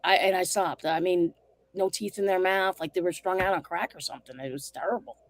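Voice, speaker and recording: A woman's voice: lowish voice, fairly quick, no room sound. A woman martial arts school owner telling stories bluntly and animatedly in a casual podcast interview. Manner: animated, blunt, repeats herself when indignant.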